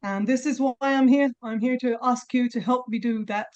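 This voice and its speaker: A woman's voice: fairly high pitch, fairly even intonation, darkish tone, highs cut off. Emotional woman making an appeal. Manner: halting, many pauses and restarts. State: emotional, near tears. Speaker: mother of hostages speaking at a press conference. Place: press conference room.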